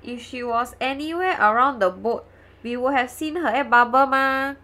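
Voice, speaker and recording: A woman playing a young male defendant in a podcast courtroom reenactment, giving flat, defensive answers. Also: high voice, normal speed.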